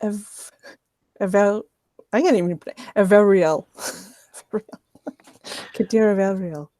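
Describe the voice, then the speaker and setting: Woman running a tabletop game, slow and mellow, dry sound, stops to find words. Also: medium pitch, dry recording. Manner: hesitant, searching for words. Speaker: game master.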